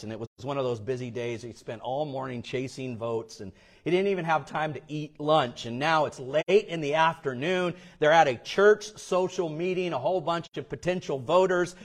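A man preaching a sermon, swinging between hushed asides and loud emphatic peaks, acting out voices in his stories. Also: mid-range voice. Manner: dynamic preacher, swings from quiet to loud, acts out quotes. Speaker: pastor.

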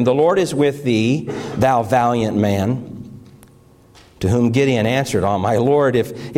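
A man's voice: medium pitch, a little mellow. Man, middle-aged, pastor, sermon, scripture reading, emotional, fervent.

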